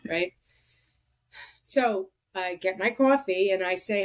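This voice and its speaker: A woman hosting a podcast, talking in a reflective, halting way with many restarts. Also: fairly high pitch, animated. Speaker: podcast host. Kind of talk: casual conversation.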